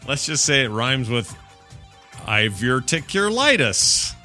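A man's voice: medium pitch, sing-song, slow, sharp tone, faint music behind. A man hosting a podcast in casual, joking chat with a co-host. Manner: chatty, joking, self-deprecating.

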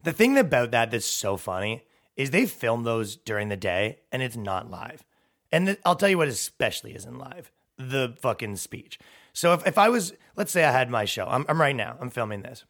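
A man's voice: mid-range voice, big pitch swings, normal speed, a bit bright. A man hosting a podcast, delivering a sarcastic, profane, rambling comedic rant. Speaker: podcast host. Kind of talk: comedic monologue.

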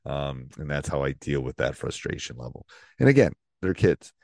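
A man's voice: rumbling low, sing-song, moderate pace, vocal fry, darkish tone, no echo. A middle-aged man, a basketball coach, hosting his podcast in a casual, rambling way with many restarts. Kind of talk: casual solo podcast talk.

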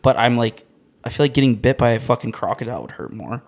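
A man's voice: medium pitch, animated, fast talker. Young male co-host, mid-range voice, playful and profane. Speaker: podcast co-host. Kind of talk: casual chat.

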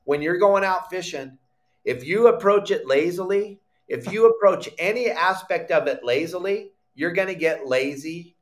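A middle-aged man hosting a live fishing podcast, telling a story with lively acted-out quotes and bursts of shouting. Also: sits high, moderate pace. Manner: animated storyteller, acts out quotes, shouts when excited. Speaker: podcast host.

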